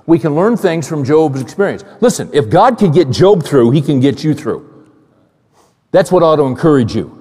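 A man preaching a sermon in a church, talking conversationally and repeating phrases for emphasis. His voice sits fairly high and sounds mellow and warm. The sound carries a long hall reverb. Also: sing-song, moderate pace, slightly rough. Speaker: pastor.

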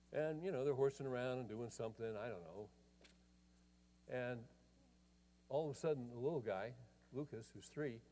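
Older male pastor, warm, echoing hall. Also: medium pitch. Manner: folksy, conversational, often restarts phrases. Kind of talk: storytelling sermon. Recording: long reverb of a large hall.

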